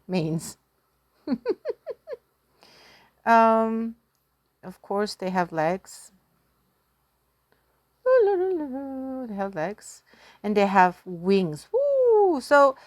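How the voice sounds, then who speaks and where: A language teacher retells a folktale while she draws, casual, giggly and poking fun at herself as she goes. Her voice sits at a medium pitch and the recording is dry, in the style of a relaxed storytelling lesson.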